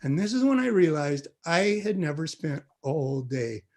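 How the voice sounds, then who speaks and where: A middle-aged man telling a funny family story on stage, animated and acting out the voices. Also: on the high side, normal speed. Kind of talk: live comic storytelling.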